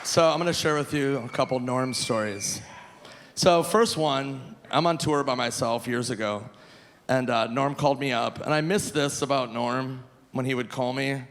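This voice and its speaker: A man in his forties performing stand-up live on a theater stage, telling stories deadpan with sudden loud outbursts. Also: medium pitch, normal speed. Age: 40s. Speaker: stand-up comedian. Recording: long hall reverb, faint crowd hum.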